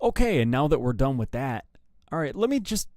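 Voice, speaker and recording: A man's voice: medium pitch, very animated, fairly quick, darkish tone, no room sound. A man hosting a rock news show, ranting angrily and swearing heavily about a band. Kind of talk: profane opinion rant.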